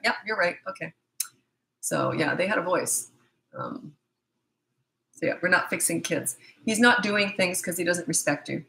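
On a rough recording, a middle-aged parenting coach speaks in a lowish, pushed, bright voice. Her casual talk is full of blunt, emphatic advice, and she acts out brief back-and-forths between parents and their kids.

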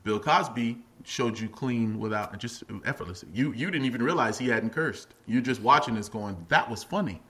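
A man's voice: moderate pace, few pauses. A middle-aged man and comedian, a guest on a podcast, telling stories in a loose, chatty way and breaking into laughs as he goes. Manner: animated, acts out quotes in a much higher voice, laughs often. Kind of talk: casual podcast interview storytelling.

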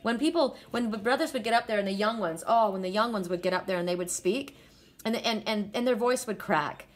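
A woman's voice: medium pitch, fairly quick. A woman reading oracle cards in a casual spiritual chat, laughing easily and talking straight to the viewer. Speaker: oracle card reader.

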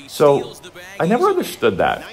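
A man's voice: on the high side, normal speed, faint music behind. A middle-aged man casually commentating on a baseball video game and coaching tips in a chatty, rambling way. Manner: chatty, rambling, animated asides.

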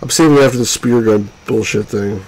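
A man's voice: on the low side, a little fast, darkish tone, poor audio. A man hosting a let's play, giving casual gameplay commentary, exasperated and swearing at the game.

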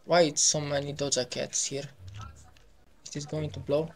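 A man giving casual gameplay commentary as a YouTuber, playful and excitable, throwing in silly sound effects. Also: a little high, unhurried, pauses often. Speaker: gaming YouTuber.

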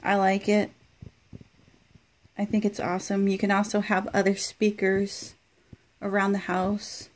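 Casual woman vlogger, slow and chatty, banters with a gadget. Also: medium pitch, monotone. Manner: chatty, laughs often, talks to the device. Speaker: product reviewer. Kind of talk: casual home review vlog.

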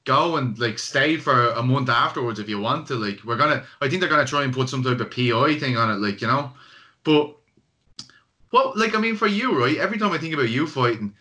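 Man, casual chat, eager, probing, filler "like", mid pitch. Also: lively intonation, a little fast, bright, forceful tone. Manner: eager, asks probing questions, lots of "like". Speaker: guest MMA journalist.

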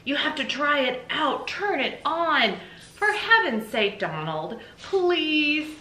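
A woman's voice: high-pitched, wildly swooping pitch, takes it slowly, reverberant, slight background noise, voice pushed up, full character voice. A woman reading aloud, voicing a puzzled, unimpressed wife in a storybook. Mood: impatient. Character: unimpressed middle-aged wife.

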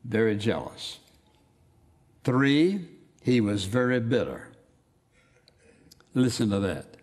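A man preaching a sermon, emphatic, slowing down to read scripture quotes with weight. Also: lowish voice, sing-song, darkish tone. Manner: emphatic, quotes scripture in slow dramatic readings.

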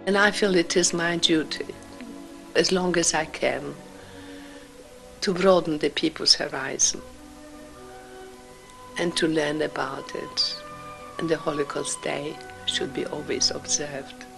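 Older woman, slow halting testimony, gravelly fry, breathy whispers. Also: sits low, fairly even intonation, a bit bright, soft background music, low-quality recording. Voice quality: gravelly, husky voice. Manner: slow, emotional, halting delivery with whispered passages. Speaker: Holocaust survivor speaker. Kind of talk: personal testimony.

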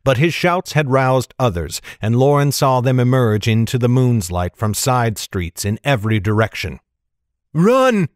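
A medium-pitched male audiobook narrator reads a fantasy novel in a steady, measured storytelling style. The recording is dry and studio-clean.

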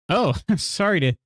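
A man chatting on a stream in a dry, close voice, with pitch that swings up and down. He rambles through half-finished sentences, apologizes and laughs often. He reads chat messages aloud. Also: no echo. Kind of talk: casual chat with viewers.

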